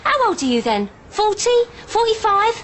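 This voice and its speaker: A woman's voice: very high voice, very animated, normal speed, a little hiss or hum, exaggerated voice. A furious, suspicious mother. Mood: accusing. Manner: accusing, shouting questions. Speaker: drama clip.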